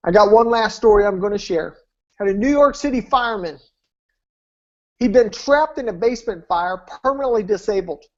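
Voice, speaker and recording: A man presenting his weight-loss program, telling success stories in an emphatic, repetitive, preacher-like way over a video call. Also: sits high. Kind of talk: storytelling sales talk. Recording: dull lo-fi call audio.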